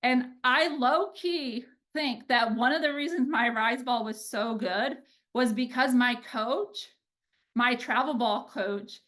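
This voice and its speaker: Woman, 30s, upbeat pitching coach addressing coaches; animated delivery, slightly high register. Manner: energetic, animated, peppered with "like" and "right?".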